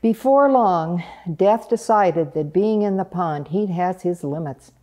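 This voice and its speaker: Soft slow lady reading a kids book, mellow low-ish voice. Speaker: storyteller. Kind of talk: reading a picture book aloud.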